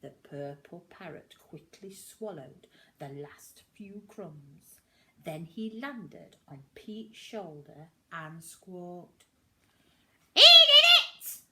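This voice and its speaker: An older woman with a grandmother's manner, animated and expressive, reading a picture book aloud to children. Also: deep voice, slow, heavy background noise. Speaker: storyteller.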